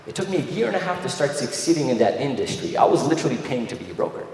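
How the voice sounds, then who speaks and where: Animated male keynote speaker, echoey hall. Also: mid-range voice, very fast. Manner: animated storyteller, acts out dialogue. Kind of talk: motivational keynote speech. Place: large event hall on stage. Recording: echoey hall with long reverb, faint noise.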